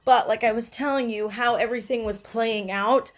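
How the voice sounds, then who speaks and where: A woman's voice: a little high, steady tone, normal speed, low-quality recording. A woman doing casual commentary on a vlog, blunt and heated, swearing often and checking in with "okay?". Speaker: commentary YouTuber.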